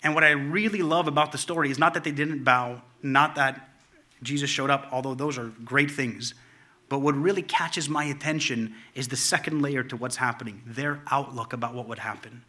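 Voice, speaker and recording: A male pastor preaching a sermon, in a conversational style with fillers and restarts, growing fervent and loud as he retells a story. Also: mid-range voice, fairly even intonation, normal speed. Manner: builds to fervent, raised delivery when retelling the story.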